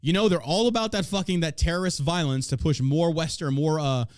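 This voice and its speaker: A man from the United States hosting a podcast, ranting in a crude, mocking, animated way about politics. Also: on the high side, brisk, smooth, dry recording, studio quality. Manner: animated, crude, mocking, puts on silly voices for others. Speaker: podcast host. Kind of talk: profane political podcast rant.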